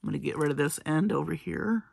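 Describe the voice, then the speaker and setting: A woman's voice: deep voice, fast talker, vocal fry, a little mellow, slightly rough, dry recording. A woman hosting a casual jewelry-making tutorial, chatty and playful as she works through each step. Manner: chatty and playful, with small laughs. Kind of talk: casual craft demonstration.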